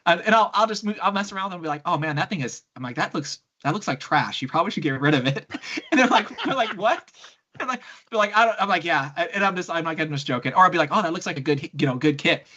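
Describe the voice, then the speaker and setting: A man guest chatting casually on a podcast, telling animated stories, acting out quotes and laughing often. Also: high-pitched, fast talker. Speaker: guest, blaster kit designer. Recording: dull lo-fi sound.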